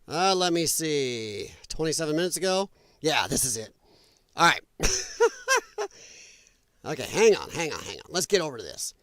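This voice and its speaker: A man hosts a casual political livestream, chatting to his viewers while he hunts for clips and laughs along. His voice sits high and swings widely. The sound is dry and close, with no room around it. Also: no echo. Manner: animated, laughing, talks to chat while hunting for clips. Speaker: livestream host.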